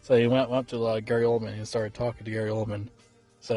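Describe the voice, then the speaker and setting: A man's voice: fairly low pitch, little pitch movement, quick pace, mellow, faint music behind. A man casually recapping a movie in a rambling, profane way, full of fillers and restarts. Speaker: movie reviewer.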